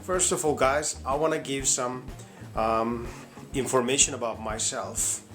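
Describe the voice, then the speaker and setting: A man's voice: mid-range voice, fairly even intonation, measured pace, fairly bright tone, soft background music. A man in his thirties, an English teacher, talking casually to his viewers in a plain, conversational way. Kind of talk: casual talk to camera.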